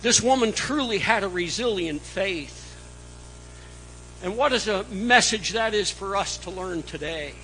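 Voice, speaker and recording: A man preaching a sermon in a church, slow and emphatic, with dramatic swings in loudness. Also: sits high, expressive, a little hiss or hum, rough recording. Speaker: pastor.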